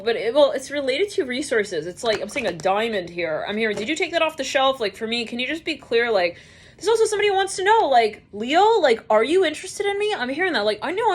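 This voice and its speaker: A woman giving a rambling, chatty tarot reading, full of fillers and quick acted-out quotes. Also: mid-range voice, slight background noise. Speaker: tarot reader. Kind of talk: casual tarot reading monologue.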